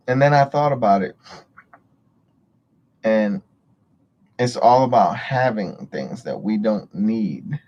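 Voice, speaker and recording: A man's voice: fairly low pitch, expressive, measured pace, pauses often, a little mellow, highs cut off. A man chatting casually on a livestream, greeting viewers and rambling with frequent swearing. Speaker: livestream host.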